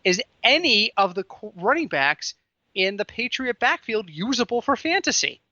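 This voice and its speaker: A man co-hosting a football podcast, chatting casually and telling stories in an animated, excitable way. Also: high-pitched, moderate pace, no echo, dull audio. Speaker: podcast co-host. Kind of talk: casual sports chat.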